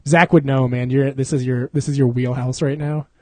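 A man's voice: mid-range voice, little pitch movement, moderate pace, warm tone, dry recording. A young man co-hosting a podcast in casual chat, rambling, slangy and laughing often. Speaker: podcast co-host.

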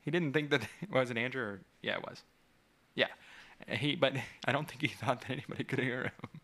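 A man talking casually at a middle pitch, his voice full of gravelly fry. He sounds laid-back and playful, teasing and chuckling as he goes. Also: brisk, pushed and bright. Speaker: podcast co-host. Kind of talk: casual chat recapping a reality show.

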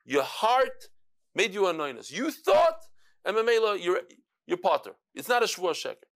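A man leads a Talmud class. His voice sits high and swoops up and down as he animates the people in the text. He scatters Hebrew and Yiddish terms through his explanations. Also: normal speed. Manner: animated, acts out quoted speakers, mixes Hebrew and Yiddish terms. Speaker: Talmud teacher.

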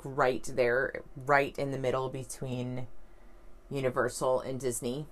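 Low-voiced chatty woman vlogger. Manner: rambling, chatty, lots of fillers and restarts. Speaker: vlogger and life coach. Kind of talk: casual vlog storytelling.

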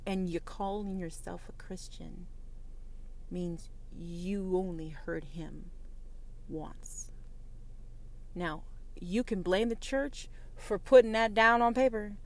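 A woman's voice: mid-range voice, slow pace, long pauses, slight background noise. A woman who calls herself a prophetess delivers a confrontational, profane religious rant and hammers her points with repeated denials. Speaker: self-described prophetess. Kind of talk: impassioned religious rant to camera.

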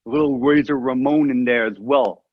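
A man's voice: mid-range voice, steady tone, fairly quick, no room sound, muffled recording, natural voice. A man putting on a brash tough-guy voice with a blended Italian, Cuban and Brooklyn accent and a cocky, drawling delivery. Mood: swaggering.

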